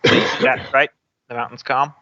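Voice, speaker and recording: Male game master, bright tone, relaxed rule talk, dry dull audio. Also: medium pitch, normal speed, no room sound. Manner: easygoing, explaining rules. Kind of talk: running a tabletop game.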